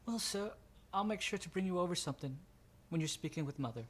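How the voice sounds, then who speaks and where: A man's voice: high-pitched, animated, quick pace, slightly rough, voice pushed up. A man voicing a deferential young servant boy who keeps calling people sir, in a tabletop game. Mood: polite. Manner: deferential, calls everyone sir.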